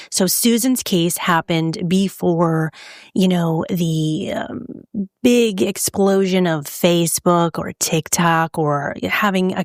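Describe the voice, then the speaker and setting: A woman with a mid-range voice hosts a true crime podcast, recorded dry with clean studio sound. She's chatty and joking, talking casually and laughing often.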